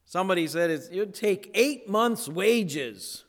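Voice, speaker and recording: Man, pastor, slow conversational sermon, slightly high voice, long hall reverb. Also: animated. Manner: slow, conversational preaching with playful voiced asides.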